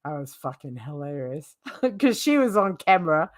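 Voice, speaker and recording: A woman's voice: sits low, big pitch swings, moderate pace, no echo, studio quality. A woman hosting a livestream who gossips casually, swears freely and laughs often. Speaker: livestream host.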